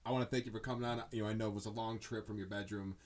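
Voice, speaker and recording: A man hosting a casual podcast, relaxed, giving short replies and wrapping up the episode. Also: fairly low pitch, rapid-fire, crowd noise. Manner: easygoing, short reactions. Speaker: podcast host. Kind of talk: casual chat.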